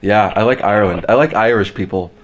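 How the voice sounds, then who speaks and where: A man's voice: lowish voice, quick pace. A young man hosting a podcast, chatting in an easygoing, slightly hesitant way. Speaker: podcast host. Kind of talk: casual chat.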